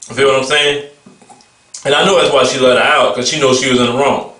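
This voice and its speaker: A man's voice: mid-range voice, fairly even intonation, fast talker, fairly bright tone, reverberant, distant mic. A man giving a casual vlog commentary rant, mocking and blunt, laughing between remarks. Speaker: vlogger.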